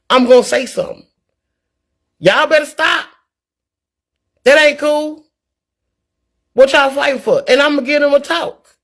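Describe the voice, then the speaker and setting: A woman talking casually to her viewers in a vlog, in an animated, preachy, folksy way. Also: fairly high pitch. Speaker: vlogger. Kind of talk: casual talk to camera.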